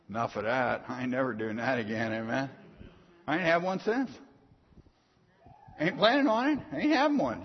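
A middle-aged man preaches with a folksy, storytelling delivery, dropping to quiet asides and then punching lines out loud. His voice sits a little high and sounds husky. The recording is muffled and carries a long hall reverb. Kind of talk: sermon.

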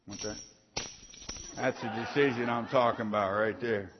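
A man's voice: mid-range voice, fairly even intonation, normal speed, a crowd in the background. Folksy preacher man in an echoing hall. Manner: folksy storytelling, swings between soft asides and loud punches. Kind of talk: sermon. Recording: dull sound in a long-reverb hall.

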